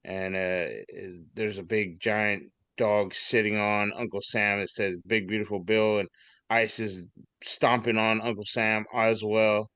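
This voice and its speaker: A man rambles through a pile of memes on a casual podcast, swearing freely and laughing along at the jokes. His voice is bright and forward. The sound is dry and close, with no room around it. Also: fairly low pitch, level tone, unhurried, no room sound. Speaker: podcast co-host. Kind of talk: casual chat reading memes aloud.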